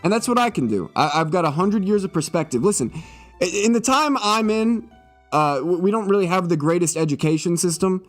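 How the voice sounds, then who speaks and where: A young male streamer with a raised, lively voice that swings up and down constantly. He jokes and swears through a mock-serious spiel. He sounds a little tipsy, with faint music behind him. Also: sits high, a little fast. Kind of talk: comedic live-stream monologue.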